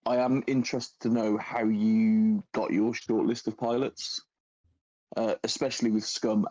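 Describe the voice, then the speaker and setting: A man with a Cockney accent asking the panel a measured question. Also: fairly low pitch, darkish tone, dry recording, muffled recording. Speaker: community member asking a question. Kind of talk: casual question.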